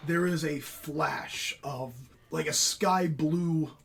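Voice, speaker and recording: A man acting as dungeon master, calling for rolls and describing events in a calm, measured way with soft hums. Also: on the high side, creaky, slightly rough. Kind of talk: running a tabletop game.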